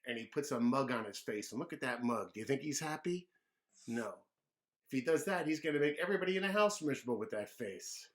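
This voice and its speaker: Gentle man reading aloud to kids. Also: mid-range voice, lively intonation, a little fast. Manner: gentle, asks kids questions. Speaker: children's storyteller. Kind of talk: children's picture-book read-aloud.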